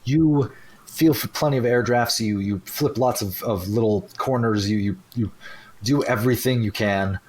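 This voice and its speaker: A young man narrating a tabletop game as game master, halting with restarts and fillers. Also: lowish voice, low-quality recording.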